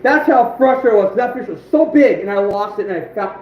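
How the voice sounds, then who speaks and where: A man in his twenties hosting an outdoors livestream, telling stories with a voice that is going hoarse, animated and emphatic, repeating phrases for punch. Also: high voice, fast, echoey room, highs cut off. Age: 20s. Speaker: outdoors channel host. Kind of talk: livestream storytelling.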